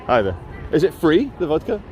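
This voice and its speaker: A man's voice: fairly high pitch, huge pitch swings, brisk, darkish tone, slight background noise. A man gives sardonic, mocking running commentary on a walking street vlog, filming on a handheld camera or phone as he walks outdoors through a city. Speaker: vlogger.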